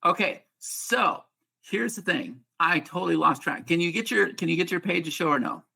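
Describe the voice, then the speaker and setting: Host, man, joking folksy teacher, gravelly and bright, on a video call. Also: a little high, expressive, normal speed. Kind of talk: casual teaching on a group call.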